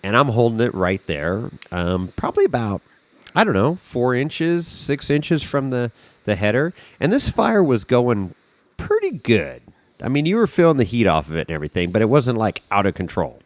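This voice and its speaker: A man, a podcast guest, telling a story in a casual, animated way, swearing freely and acting out the scene. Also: medium pitch, moderate pace, no room sound.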